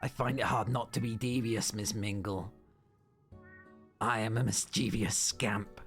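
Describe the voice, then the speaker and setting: A woman voicing a mischievous game protagonist in a low, calm, persuasive way. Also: a little slow, faint music behind. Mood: sly.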